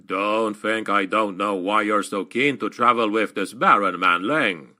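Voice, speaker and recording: A man voicing a gruff, boisterous male dwarf warrior in an audiobook, teasing and mocking. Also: lowish voice, measured pace, sharp tone.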